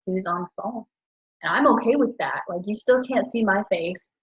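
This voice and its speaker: A woman with a husky, mid-range voice talks about her business in a casual monologue. She rambles and corrects herself, with lots of fillers and frequent laughs. The recording sounds dull and lo-fi. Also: mid-range voice, moderate pace. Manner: chatty, filler-heavy, self-correcting; laughs often. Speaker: network marketer.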